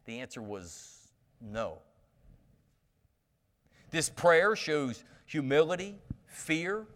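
A man's voice: a little high, sing-song, very slow, fairly bright tone, long reverb tail. A male pastor preaching a sermon, reading scripture aloud and then explaining it in a folksy, conversational way with frequent restarts.

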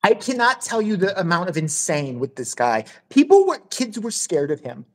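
A woman's voice: fairly low pitch, sing-song, moderate pace. A woman hosting a podcast, telling a crude, blunt story in casual chat and swearing freely. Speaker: podcast host.

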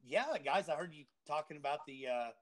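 A man's voice: on the high side, brisk. A man in casual podcast chat, laid-back and joking, who keeps repeating his phrases.

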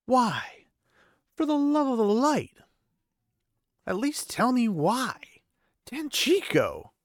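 A man voicing a stern male warrior who keeps losing his cool and raising his voice in loud exasperated bursts. The voice is gravelly and sits close and dry. It is his own voice, read straight from a storybook. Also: medium pitch, expressive, normal speed, no room sound. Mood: pleading. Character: stern male warrior guardian, usually controlled.

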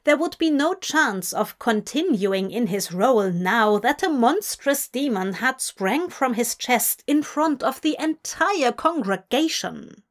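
Woman reading fanfic audiobook, slow and kinda high voice. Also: expressive. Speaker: audiobook reader.

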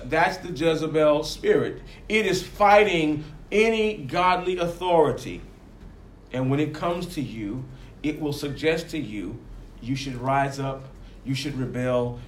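A man's voice: fairly high pitch, measured pace, reverberant. A man preaching a sermon, rising and falling emphatically and acting out the voices he quotes.

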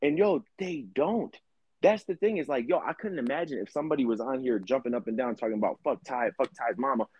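A man's voice: mid-range voice, fast talker, breathy edge, no echo, lo-fi sound. A man co-hosting a podcast, chatting casually and profanely, acting out quotes as he tells stories. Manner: profane, animated storytelling with put-on quotes. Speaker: podcast co-host. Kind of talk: casual chat.

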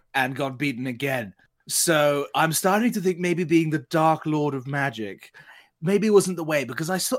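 A man playing a dark lord wizard rethinking his evil ways at a tabletop game, rambling with stammering restarts. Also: on the high side. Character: reformed dark lord wizard, male adult, awkward, rambling. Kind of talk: tabletop role-play in character.

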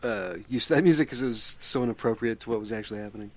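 A man with a mid-range voice talks through a film on a casual podcast. He hesitates a lot, filling pauses and restarting his sentences. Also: mid-range voice, no echo. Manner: hesitant, lots of ums and restarts. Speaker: podcast co-host. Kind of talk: casual movie podcast chat.

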